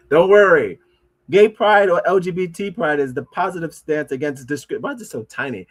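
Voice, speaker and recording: A man's voice: a little high, expressive, unhurried, pauses often. Rambling sarcastic male streamer. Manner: rambling, stumbling over words while reading aloud. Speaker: livestreamer. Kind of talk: casual livestream commentary.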